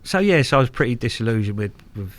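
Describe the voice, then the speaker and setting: This Kent man, middle-aged and appearing as a guest angler, talks quickly at medium pitch with big swings in intonation, and there's no echo. In a relaxed interview he spins earthy, frank stories, cursing freely and often repeating himself.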